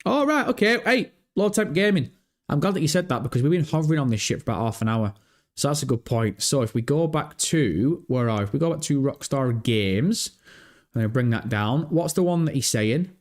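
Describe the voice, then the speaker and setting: A young man chatting on his gaming stream, loose and profane, his voice jumping up sharply whenever something surprises him. He sits at a desk mic with the bass turned up too high, so he sounds deep and muddy. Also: brisk. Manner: excitable, swears freely, pitch leaps when surprised. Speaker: livestream host. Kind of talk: casual livestream chat. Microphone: bass-heavy desk microphone.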